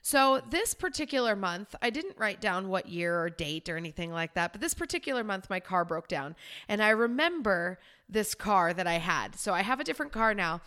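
A woman's voice: mid-range voice, expressive, moderate pace, pushed and bright, clear, resonant tone. A woman podcast host and life coach telling a personal story in a candid, emotional, conversational way.

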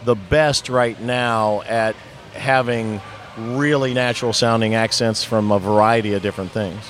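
A man's voice: fairly low pitch, steady tone, measured pace, fairly bright tone, a little hiss or hum. A man from the American South chatting casually and making his points with emphasis. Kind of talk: casual chat.

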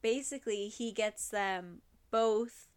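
A woman's voice: medium pitch, takes it slowly, a little mellow, clean tone. A woman in casual chat, retelling a drama plot in a rambling way full of fillers and acted quotes. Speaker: co-host recapping a drama.

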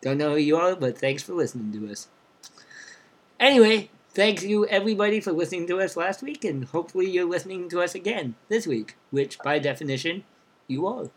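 A young man with a slightly raised pitch chats casually on a podcast. He sounds upbeat as he runs through listener cities and tosses out shout-outs to fans. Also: expressive, brisk. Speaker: podcast co-host. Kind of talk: casual chat.

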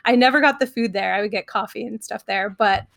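A woman hosts a laid-back interview, friendly and quick to giggle. Her voice sits at a middling pitch, and her questions run long and loose. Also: gravelly, fairly bright tone. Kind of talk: casual interview chat.

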